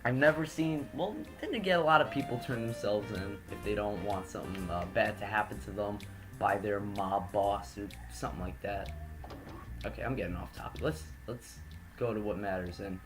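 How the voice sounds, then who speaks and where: Let's play host, rambling and joking, faint game music behind. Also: male voice, fairly low pitch, normal speed. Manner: joking, rambling, self-correcting. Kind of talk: gameplay commentary.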